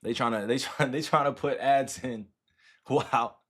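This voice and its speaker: A man's voice: medium pitch, unhurried. A man in his thirties casually talking to his livestream chat, loose and repetitive, often tagging his sentences with "right?" and "all right?".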